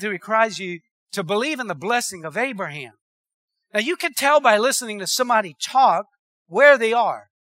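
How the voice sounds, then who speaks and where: A man's voice: extremely high pitch, pushed and bright, no room sound. A man preaching a sermon, telling stories and calling out for amens. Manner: preacherly, calls for amens, conversational storytelling. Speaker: pastor.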